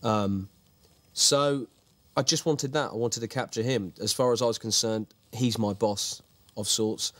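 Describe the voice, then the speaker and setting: A grandiose, vain horror writer. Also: male voice, fairly low pitch, measured pace, a bit bright. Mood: self-important. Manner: self-important, pompous. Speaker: series creator and writer. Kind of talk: mock documentary interview.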